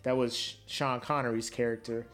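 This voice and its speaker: A man co-hosting a podcast in casual banter, slangy and animated, laughing often. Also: medium pitch, fairly quick, soft background music. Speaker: podcast co-host.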